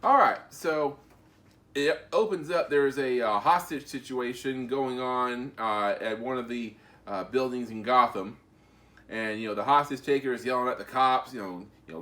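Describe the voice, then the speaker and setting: A man co-hosting a podcast, casually recapping comic book stories with many fillers and pauses. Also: medium pitch, a bit bright. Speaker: podcast co-host.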